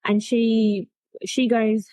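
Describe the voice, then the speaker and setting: A woman's voice: fairly high pitch, level tone, very slow, warm tone, dry recording. A woman in her forties, a podcast guest, telling her story in a chatty, frank way and laughing easily. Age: 40s. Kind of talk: casual storytelling.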